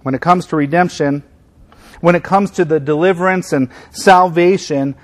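A male pastor preaching with fervent emphasis. His voice sits a touch high for a man, and he repeats his key lines. He often drops to a hushed, intimate level. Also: normal speed. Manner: emphatic, repeats key phrases, swings from loud stress to quiet. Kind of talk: sermon.

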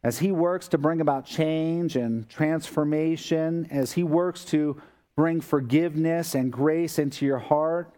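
Mellow-voiced pastor preaching. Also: male voice, a little high, measured pace. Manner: conversational, explains with everyday asides. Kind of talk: sermon.

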